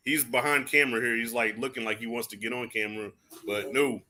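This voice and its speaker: A man's voice: medium pitch, fairly even intonation, fast, sharp tone. A man in his thirties, a movie reviewer, chatting casually on a livestream, laid-back and swearing, laughing often.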